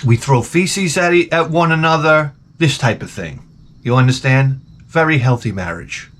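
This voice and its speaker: A man's voice: mid-range voice, lively intonation, normal speed, fairly bright tone, slight background noise. A middle-aged man ranting profanely and animatedly as he tells a comedic story to his camera at home. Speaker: vlogger.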